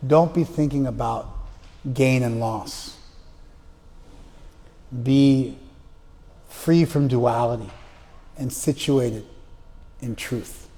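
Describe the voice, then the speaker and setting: A man's voice: mid-range voice, very slow, long pauses, mellow, in a large hall. A man giving a spiritual lecture who chants verses and then explains them in plain words, telling stories with voices. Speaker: spiritual teacher. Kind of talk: lecture on scripture. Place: class room.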